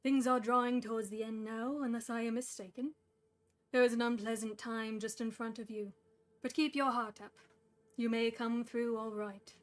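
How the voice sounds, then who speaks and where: A woman's voice: on the high side, steady tone, normal speed, natural voice. A woman doing a wise old wizard. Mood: reassuring. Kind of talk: storybook reading aloud.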